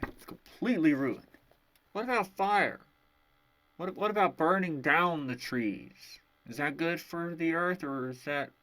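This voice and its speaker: Male book reviewer, sarcastic, swears a lot, slow deliberate delivery, higher voice. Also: a bit bright. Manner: profane, sarcastic ranting.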